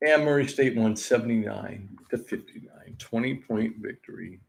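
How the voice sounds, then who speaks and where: A man's voice: lowish voice, normal speed, creaky. A man hosting a sports-picks recap, going over college basketball scores in an exasperated, sarcastic rant. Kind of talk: ranting sports betting recap.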